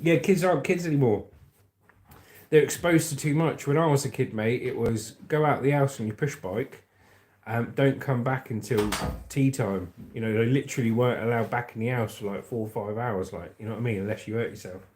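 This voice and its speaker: A man's voice: mid-range voice, a little fast, darkish tone. An English man hosting a livestream, reading news aloud and chatting and joking with viewers' comments. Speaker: livestream host.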